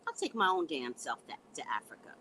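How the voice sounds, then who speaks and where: Lively, bright-voiced sassy woman host. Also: deep voice, quick pace, breathy edge, poor audio. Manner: blunt, sassy, laughing, addresses viewers as guys. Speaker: psychic reader and live host. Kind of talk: casual live-stream chat.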